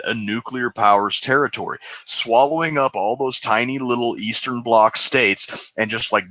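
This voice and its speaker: A man's voice: medium pitch, bright, forceful tone, no room sound. A man co-hosting a casual political podcast, talking in an emphatic, opinionated way with frequent restarts. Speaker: podcast co-host.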